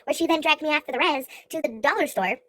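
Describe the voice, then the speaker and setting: Young female vlogger, very high pitch, profane and exasperated storyteller. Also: low-quality recording. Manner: exasperated, profane, rapid rants. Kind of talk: comic storytelling.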